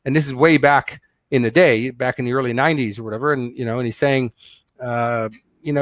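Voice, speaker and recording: A man's voice: medium pitch, fairly even intonation, fairly quick, no echo, clean studio sound. A middle-aged man giving a casual motivational webinar as a business coach, talking earnestly and telling stories with plenty of fillers. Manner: conversational, earnest, storytelling with fillers.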